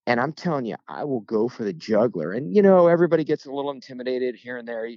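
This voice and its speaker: A man, a guest turkey hunter, telling stories in a casual interview with lively, joking delivery. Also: medium pitch, quick pace, hardly any pauses, dry recording, dull audio. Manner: lively, joking, acts out voices in anecdotes.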